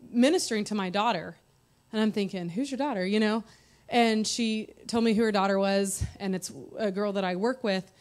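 A woman in her thirties giving an earnest, conversational personal testimony in church. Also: mid-range voice. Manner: earnest, conversational, heartfelt storytelling.

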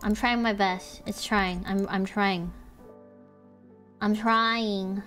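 A woman's voice: medium pitch, steady tone, slow pace, fairly bright tone, faint music behind. A woman streaming a card game, thinking aloud, swearing and squealing when things go wrong. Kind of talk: casual gameplay streaming.

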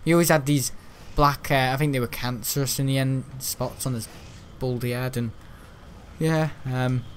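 Young guy chatting over a game, wanders off topic, mid pitch, says bloody a lot. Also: steady tone, moderate pace, slight background noise. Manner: meandering, chatty, swears casually, frequent restarts. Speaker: gaming YouTuber. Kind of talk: rambling let's-play commentary.

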